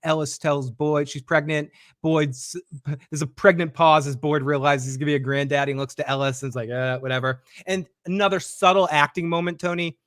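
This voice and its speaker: A man co-hosting a casual show recap, talking fast with fillers and acting out lines from scenes. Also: a little high, no echo, studio quality. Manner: animated, acts out quotes, frequent fillers. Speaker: podcast co-host recapping a TV episode.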